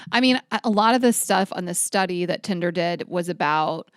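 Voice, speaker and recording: A woman co-hosting a chat podcast, her voice sitting a little low. She tells stories candidly and acts out her own past thoughts. The mic is close and dry. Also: lively intonation, brisk, clean tone, dry recording. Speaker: podcast co-host.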